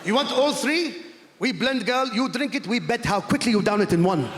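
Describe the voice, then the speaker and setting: A man voicing a pushy male tour guide who hard-sells vices with rapid repetitive offers, recorded onstage in a large theatre. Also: very high-pitched, lively intonation, fairly bright tone, slight background noise. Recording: echoey hall, crowd laughter.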